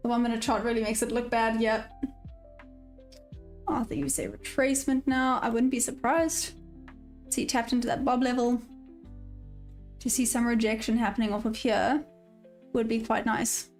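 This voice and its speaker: A woman's voice: a little high, flat delivery, moderate pace, long pauses, darkish tone. Chatty South African woman streamer. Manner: chatty, reads and answers viewer comments while trading. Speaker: day-trading livestream host. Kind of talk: casual live-stream chat. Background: faint background music.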